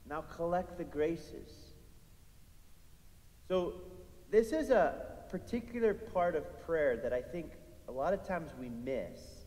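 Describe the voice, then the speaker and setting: A man's voice: fairly high pitch, lively intonation, a little slow, darkish tone. Man preaching in an echoey hall. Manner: conversational, builds to emphatic peaks. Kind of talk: sermon. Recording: echoey hall with long reverb.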